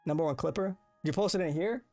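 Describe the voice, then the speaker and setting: Soft background music accompanies a fairly high-pitched, darkish-toned young man talking fairly quickly. The dry recording comes from his compressed desk microphone as he hosts a loose livestream, rambling, cursing and speaking to his chat.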